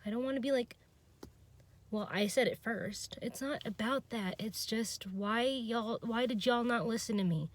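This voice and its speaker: Frustrated young woman venting on camera. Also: a little high. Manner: halting, frustrated, restarts and trails off, laughs at herself. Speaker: vlogger. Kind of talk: unscripted personal vent.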